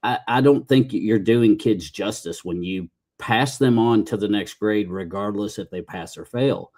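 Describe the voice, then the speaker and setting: A man's voice: on the low side, unhurried, a little mellow. A middle-aged man hosting a podcast, telling rambling, folksy stories in casual chat with restarts and mild cursing. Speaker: podcast host.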